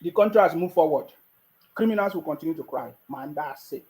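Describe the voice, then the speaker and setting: Nigerian guy scolding and mocking, fairly high voice, lots of stumbles. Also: lively intonation, fairly quick, a little mellow, low-quality recording. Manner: mocking, scolding, repetitive restarts. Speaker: political commentator. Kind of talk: ranting video commentary.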